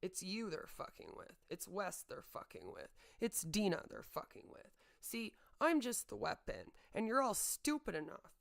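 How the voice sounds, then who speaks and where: A woman's voice: medium pitch, huge pitch swings, a little slow, creaky, few pauses. A woman streamer delivering a heated, sarcastic rant to her audience, repeating her points for emphasis. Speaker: streamer and channel host. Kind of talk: livestream rant.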